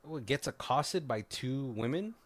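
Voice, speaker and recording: A man's voice: medium pitch, animated, a little slow. A man hosting a podcast, chatting casually about a film in loose, run-on bursts and laughing often. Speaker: podcast host. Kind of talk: casual chat reviewing a film.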